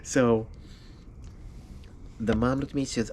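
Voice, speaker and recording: A man vlogger telling a personal story in a casual, animated way, often breaking into laughter. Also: mid-range voice, unhurried, slight background noise.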